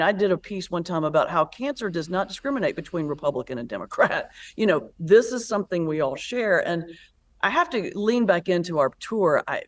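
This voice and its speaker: A woman pastor and comedian, a guest in a conversational interview, telling stories and acting out the voices in them. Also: on the low side. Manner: lively storyteller who acts out quoted voices.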